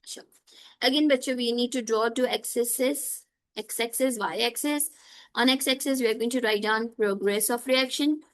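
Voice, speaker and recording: A woman's voice: fairly high pitch, measured pace, fairly bright tone. Woman teaching chemistry. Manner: checks in often with "okay?" and students' names. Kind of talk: live online class teaching.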